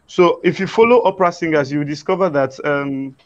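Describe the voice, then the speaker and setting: A man, a guest singer answering interview questions haltingly, with many fillers and restarts. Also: on the high side, darkish tone, muffled recording.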